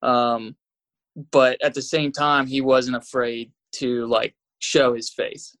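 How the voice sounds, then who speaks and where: Young male podcast guest, mid-pitched, easygoing and conversational. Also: fairly even intonation, takes it slowly, fairly bright tone. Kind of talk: casual chat.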